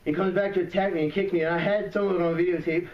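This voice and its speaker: A shaken man calling emergency services, out of breath, rambling and halting as he talks. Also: high voice, fairly even intonation, a little hiss or hum. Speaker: 911 caller. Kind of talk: emergency phone call. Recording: muffled echoey emergency call recording, distant.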